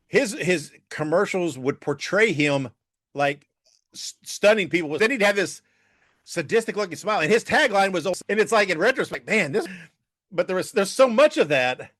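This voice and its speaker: A man's voice: sits high, a bit bright, dry recording, clean studio sound. A man from the Midwest, from Indiana, appearing as a podcast guest, reminiscing conversationally with filler words. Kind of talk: casual podcast chat.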